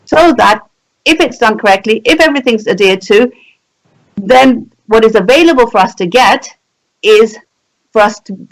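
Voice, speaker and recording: A woman's voice: on the high side, poor audio. Woman teaching a religious lesson. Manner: explanatory, rhetorical questions, recites scripture in Arabic. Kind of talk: live-streamed religious lesson.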